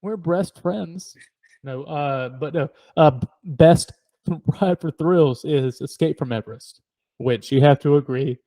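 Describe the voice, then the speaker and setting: A middle-aged man co-hosts a podcast, his voice slightly high, slightly slow and mellow, captured in a dry recording. In casual chat he rambles through stories, laughs a lot and imitates noises.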